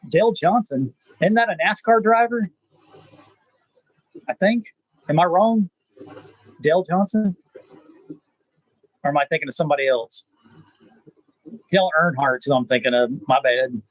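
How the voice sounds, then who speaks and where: A man, hosting a rambling live chat with viewers, pausing often with "uh". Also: on the high side, no echo, poor audio. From South Texas. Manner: laid-back, rambling, frequent "uh" pauses. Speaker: channel host.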